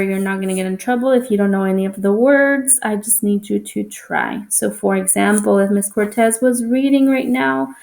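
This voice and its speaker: Patient woman teacher, slightly high, gravelly. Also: a little mellow. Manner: patient, repeats instructions slowly and encouragingly. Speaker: elementary school teacher. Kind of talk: explaining a homework assignment to young children.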